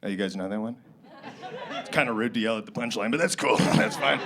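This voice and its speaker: A young man doing a live stand-up set on a club stage with a handheld mic, awkward and self-deprecating with absurd deadpan jokes. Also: lowish voice, fairly quick, creaky, crowd noise. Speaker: stand-up comedian. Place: comedy club stage, indoors. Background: loud walk-on music at times.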